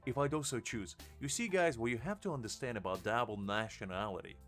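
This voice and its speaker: A man's voice: mid-range voice, brisk, soft background music. A young man in his twenties with a British accent, chatting casually and joking while streaming a game. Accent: British English. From Ukraine. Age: 20s. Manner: rambling, joking, laughs often. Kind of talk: casual live-stream chat.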